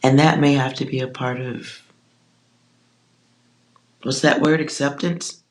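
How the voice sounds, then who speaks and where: Slow, blunt tarot reader. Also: mid-range voice, steady tone, a little hiss or hum. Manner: blunt and joking, with slangy asides; drops into whispered asides. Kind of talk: casual collective tarot reading.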